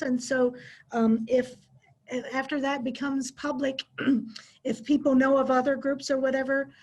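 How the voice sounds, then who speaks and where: A woman's voice: high voice, a little mellow, rough recording. A woman on a webinar video call, explaining her co-op center's services in an informal way with fillers. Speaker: co-op center staff. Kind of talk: webinar discussion.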